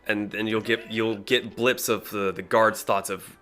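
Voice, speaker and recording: A man narrating as game master of a tabletop game, talking in a relaxed way with many fillers. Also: fairly low pitch, unhurried, hardly any pauses, faint music behind. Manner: relaxed, with frequent fillers and throat clearing.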